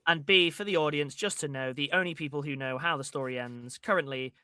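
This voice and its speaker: A man's voice: on the high side, fairly quick, pushed and bright, clean tone, no echo. A man co-hosting and keeping time on a live game show, with dry, matter-of-fact remarks. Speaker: co-host and timekeeper.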